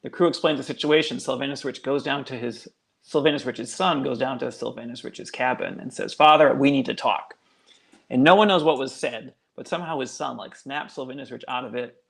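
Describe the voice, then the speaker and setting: A man's voice: medium pitch, fairly quick, vocal fry. A male guest author telling a local legend in a casual, chatty way, full of fillers. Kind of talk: casual storytelling.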